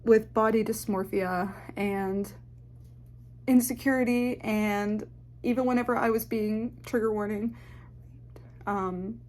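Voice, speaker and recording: A young woman telling a personal story to camera, candid and halting, swearing often and holding back tears. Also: a little high, steady tone, darkish tone. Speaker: ASMR channel host. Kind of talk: emotional personal confession to camera.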